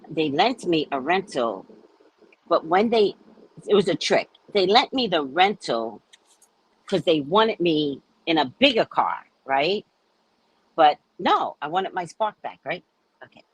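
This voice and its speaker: A woman hosting a casual livestream chat, telling rambling stories in an animated way and greeting viewers. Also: sits low, unhurried, breathy edge, low-quality recording. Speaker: livestream host.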